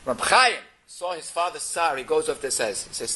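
A man telling a Torah story in an animated way, mixing Yiddish and Hebrew terms into his English. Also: a little high, normal speed, husky, poor audio.

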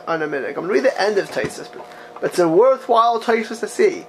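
A man teaching a religious text class, reading passages aloud and asking the students rhetorical questions in an animated way. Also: sits high, quick pace, a little hiss or hum. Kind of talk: text-study lecture to a class.

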